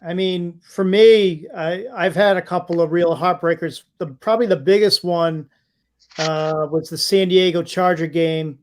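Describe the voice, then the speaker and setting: A man with a high voice co-hosts a sports podcast. He looks back on old games at an even, measured pace. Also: a little hiss or hum. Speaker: podcast co-host. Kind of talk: casual sports chat.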